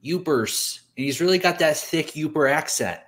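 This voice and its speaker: A man's voice: a little high, a little fast, a bit bright. Man rambling casually on a recap show. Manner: rambling, loose and joking. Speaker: podcast co-host.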